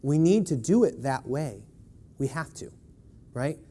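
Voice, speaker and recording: A man's voice: fairly high pitch, lively intonation, unhurried, mellow. A man preaching a sermon in a church, emphatic and leaning on rhetorical questions to the congregation.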